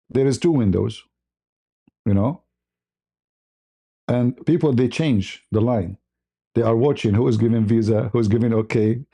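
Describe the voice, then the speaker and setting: A man from the Middle East with a very dark, mellow voice, hosting a live stream. He tells his story in plain, learned English and breaks into laughter as he acts out both sides of a conversation. His pitch sits in a middle range. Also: vocal fry. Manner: animated, laughing often, acts out dialogue; speaks English as a learned language, simple phrasing. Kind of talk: casual storytelling.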